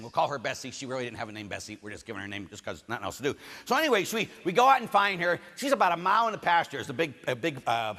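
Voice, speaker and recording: A man's voice: a little high, bright, forceful tone, big-room sound. A man from Pittsburgh with a Pittsburgh accent, preaching a sermon told as a jokey farm story, with big swings in volume.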